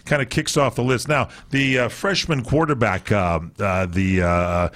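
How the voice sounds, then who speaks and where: A man's voice: on the low side, steady tone, measured pace, fairly bright tone. A man co-hosting a sports talk radio show, rambling with lots of fillers as he reads through a list of stories.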